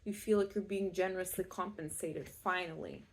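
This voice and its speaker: A woman's voice: lowish voice, moderate pace, creaky. A Scottish woman giving a casual pick-a-card tarot reading, chatty and reassuring, with many fillers and restarts. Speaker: tarot reader.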